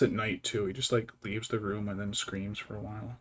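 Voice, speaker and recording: A man's voice: lowish voice, steady tone, brisk, few pauses. Man rambling while painting on stream. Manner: rambling, muttering to himself and his cat; wry, mock-dramatic complaints. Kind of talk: casual livestream chat while working.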